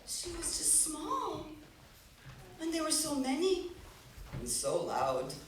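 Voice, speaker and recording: A woman telling a folk tale live to an audience, playful and expressive, asking listeners questions. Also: high voice, slow, slight background noise. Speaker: storyteller. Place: festival stage before a live audience. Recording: echoey hall, distant mic.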